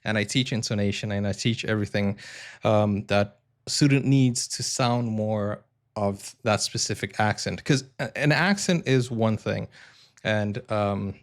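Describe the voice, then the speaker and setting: A man's voice: lowish voice, a little slow. A man who is an English teacher and a native Portuguese speaker, chatting casually and hesitantly as a reaction video host. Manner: chatty, hesitant, many ums and self-corrections.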